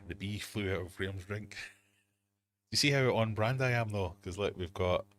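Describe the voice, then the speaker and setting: A man's voice: on the low side, moderate pace, a bit bright, a little hiss or hum. A middle-aged man hosting a casual livestream from his home fish room, telling rambling, self-mocking stories. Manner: rambling, self-mocking storytelling with quoted asides. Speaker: livestream host.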